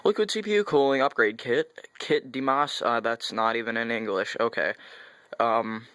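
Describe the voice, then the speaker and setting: Speaking at a moderate pace in a bright, forceful, medium-pitched voice, a young YouTuber walks casually through his PC components. He rambles, corrects himself, and adds sarcastic asides in a dry recording.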